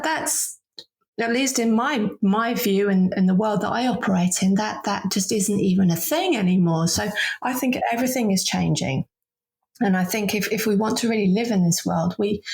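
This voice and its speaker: A woman guest coach on a podcast, talking thoughtfully with soft laughs and restarts. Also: mid-range voice, creaky. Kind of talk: conversational podcast interview.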